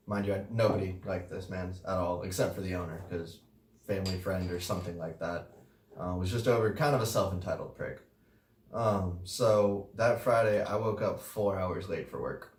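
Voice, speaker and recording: A man with a low voice spins a story in an easygoing, profane, chuckling way, like a podcast co-host chatting with friends. He sits some distance from the mic in a roomy space, so his voice carries a noticeable echo. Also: moderate pace. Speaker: podcast co-host, restaurant worker. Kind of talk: casual storytelling chat.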